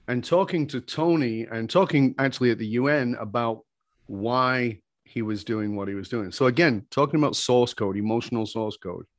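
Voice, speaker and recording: A man speaks as an interview guest, a communication skills teacher recounting his experiences. His delivery is animated and emphatic, climbing into excited peaks as he retells exchanges. His voice sits in a middle pitch, recorded close and dry with almost no room sound. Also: dry recording. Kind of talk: animated personal storytelling in conversation.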